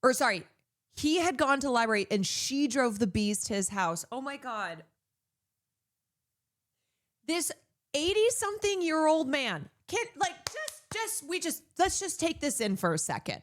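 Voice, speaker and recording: A woman's voice: sits high, sing-song, unhurried. A woman streamer reading a news story aloud and breaking in with heated, profane asides. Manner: profane, indignant. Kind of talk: casual news commentary.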